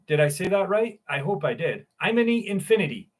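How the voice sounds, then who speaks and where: Chatty, slightly high-voiced man hosting a live stream. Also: big pitch swings, a little fast. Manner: loose, chatty and profane, laughs often. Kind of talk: casual live-stream chat reading viewer comments.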